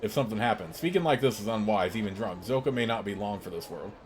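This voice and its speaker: A man's voice: lowish voice, lively intonation, fast talker, a little hiss or hum, natural voice. A man voicing a drunk, angry male blacksmith who grumbles bitterly in broken sentences while reading a game's dialogue.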